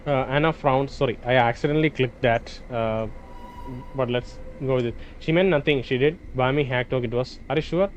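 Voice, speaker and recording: A man playing a role-playing game, reading its dialogue aloud and thinking out loud between lines. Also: mid-range voice, moderate pace, slight background noise. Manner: hesitant, restarts and fillers, reads dialogue in plain voice. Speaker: gameplay streamer.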